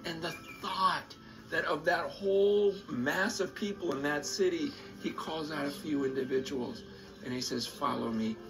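A man preaching in a recorded sermon video, emphatic and passionate, his pitch swinging up and down. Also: poor audio. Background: music.

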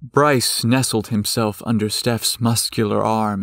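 A man narrating a scripted story in a slow, expressive way. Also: mid-range voice, no room sound, studio quality.

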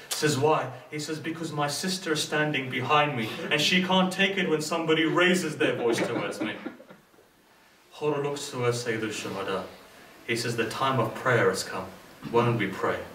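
A man's voice: fairly high pitch, normal speed, a bit bright, a little hiss or hum. A British man preaching a sermon, telling a story dramatically and voicing each figure in turn. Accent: British English. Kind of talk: majlis sermon narration. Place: mosque hall. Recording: echoey hall, distant mic.

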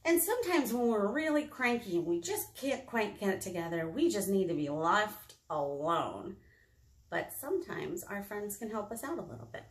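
Animated woman leading children's storytime. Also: medium pitch, moderate pace. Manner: animated and encouraging, talking to young children. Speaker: children's librarian. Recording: roomy echo.

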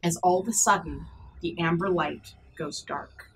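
A woman narrating a tabletop horror game as game master, descriptive and halting, with frequent restarts. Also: lowish voice, a bit bright, a little hiss or hum, low-quality recording.

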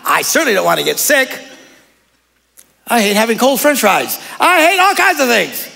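A high, gravelly-voiced male pastor preaches with lively, swooping pitch and a bright, forceful edge. His sermon echoes through a large church hall with a long reverb. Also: normal speed, long pauses, slight background noise. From Puerto Rico. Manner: animated, swings between loud exclamations and quiet asides.

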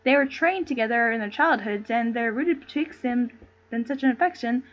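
A woman's voice: on the high side, brisk, muffled recording, slight background noise, natural voice. A woman reading aloud the part of a loyal male courtier who speaks in ornate verse, stumbling now and then over the words. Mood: earnest. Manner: plain read-aloud delivery with stumbles.

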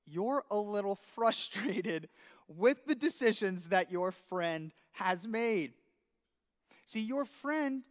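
A man preaching a sermon, telling a story with lively acted-out dialogue. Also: very high voice, in a large hall. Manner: animated storytelling, acting out dialogue. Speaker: pastor. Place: church sanctuary.

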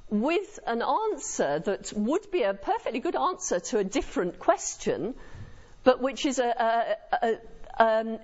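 Animated woman lecturing, muffled recording. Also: a little high. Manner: engaging, quizzes the audience with tag questions. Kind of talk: university lecture. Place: lecture room with a live audience.

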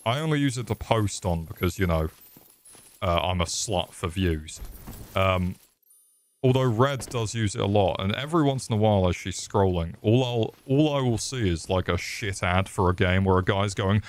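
Brief: young male streamer, lowish voice, rambling, swears constantly, jokes at himself. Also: expressive, normal speed. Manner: profane, rambling, jokey. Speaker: gaming streamer. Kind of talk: casual livestream commentary.

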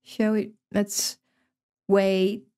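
A woman's voice: medium pitch, level tone, drawn-out words, dark tone, smooth. A young woman streaming herself playing a game, chatting casually, thinking aloud and swearing freely. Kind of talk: casual live-stream commentary while gaming.

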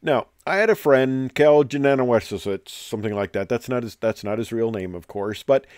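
A man's voice: medium pitch, moderate pace, a little mellow, no echo, studio quality. Wry older man telling an anecdote. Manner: wry, joking, rambling with fillers. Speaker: retired airline captain. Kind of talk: anecdotal storytelling presentation.

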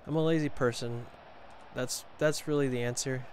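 In a live gameplay stream, a man with a mid-range voice and a steady tone speaks at normal speed, with background noise present. He reads chat and comments on the game with sarcastic jokes at his own expense.

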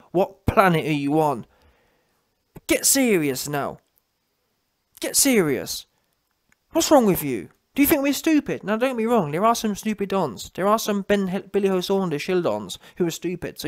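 A young man ranting mockingly as a channel host, slipping into a whiny voice to mimic people. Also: high voice. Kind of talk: ranting commentary.

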